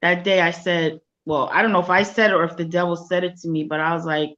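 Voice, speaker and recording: A woman guest recounting a personal story in an interview, speaking quietly and softly. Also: fairly low pitch, steady tone, fast, few pauses, muffled recording. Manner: soft-spoken, quiet storytelling.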